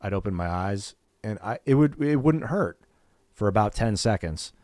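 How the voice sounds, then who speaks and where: A man's voice: lowish voice, expressive, normal speed, a little mellow, no room sound, clean studio sound. A man hosting a gaming stream, chatting casually and candidly, swearing freely and acting out what other people said. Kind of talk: casual rambling chat.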